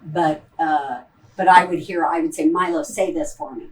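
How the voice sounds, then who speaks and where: A woman's voice: low voice, fairly even intonation, moderate pace, far from the mic, slight background noise, poor audio. A woman with a Midwestern accent, an actress answering audience questions after a performance in a rambling, hesitant way full of ums and restarts. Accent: Midwestern American. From Ohio. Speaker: stage actress in a post-show talkback. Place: theater auditorium.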